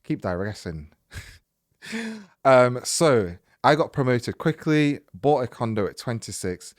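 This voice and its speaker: A man's voice: medium pitch, animated, slow, no echo, studio quality. A young man hosting a podcast, reading a listener's story aloud in a casual, chatty way and often breaking off to comment.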